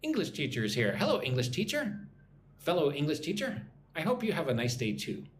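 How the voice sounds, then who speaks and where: A man's voice: a little high, huge pitch swings, a little fast, a little hiss or hum. A man teaching an English lesson on a live stream, sounding out words syllable by syllable, repeating phrases and greeting viewers in the chat.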